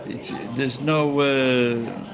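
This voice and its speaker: A middle-aged man from Yorkshire, chatting casually on a livestream, rambling and halting, speaking slowly and swearing now and then. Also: medium pitch, a crowd in the background, poor audio. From Yorkshire, England. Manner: talks slowly and deliberately. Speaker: livestream host. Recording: steady background noise.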